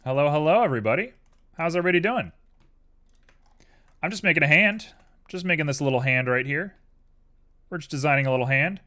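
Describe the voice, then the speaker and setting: A man's voice: on the high side, animated, a little fast, pauses often, bright, forceful tone. A tired man chatting casually and rambling drowsily on a live stream while he works on a 3D model at his computer.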